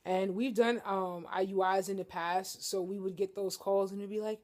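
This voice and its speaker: A woman's voice: medium pitch, steady tone, moderate pace, darkish tone. A young woman vlogging casually from her living room couch, joking and talking straight to her viewers. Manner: joking, playful, addresses viewers as y'all. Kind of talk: casual chat to camera.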